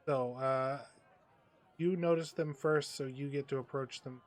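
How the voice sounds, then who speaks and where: A man's voice: medium pitch, steady tone, a little slow. A man running a tabletop role-playing game as game master, talking loosely with lots of fillers. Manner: rambling with many fillers.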